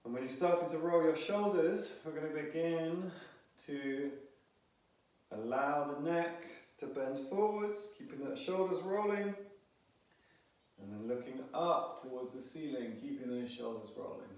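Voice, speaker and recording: A man guiding a morning movement and breathing session, calmly cueing each stretch and breath, a little out of breath as he moves along. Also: fairly high pitch, measured pace. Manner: calm, instructive, counting and cueing each movement. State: slightly out of breath. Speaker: movement instructor. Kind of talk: guided movement and breathing class. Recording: very echoey room, from a distance.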